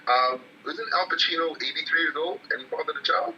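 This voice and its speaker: A man's voice: on the high side, fairly quick, pushed and bright, husky, dull audio. A middle-aged man calling in as a guest and speaking bluntly in casual talk. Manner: blunt, outspoken. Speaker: call-in guest.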